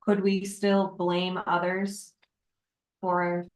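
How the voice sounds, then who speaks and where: A woman's voice: fairly low pitch, little pitch movement, drawn-out words. A woman asking a Zen teacher questions, polite and formal, choosing her words carefully. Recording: echoey room.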